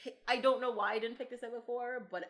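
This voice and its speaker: A woman's voice: on the high side, fairly even intonation, fast talker, fairly bright tone. A woman hosting a podcast, chatting casually about films, laughing often and quoting lines in mock voices. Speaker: podcast host. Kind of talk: casual film chat.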